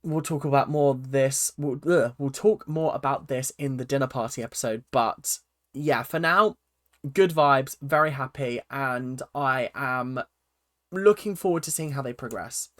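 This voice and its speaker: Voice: mid-range voice, unhurried, no room sound, studio quality. A speaker giving a casual, chatty recap of a reality TV episode and acting out quotes in silly voices. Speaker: reality TV reaction vlogger.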